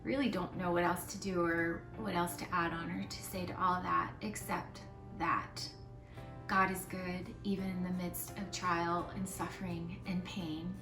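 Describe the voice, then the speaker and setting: A young woman vlogger telling a personal story in a soft, tearful voice, with lots of filler words. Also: fairly low pitch, little pitch movement, unhurried. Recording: roomy, slightly distant mic with soft music.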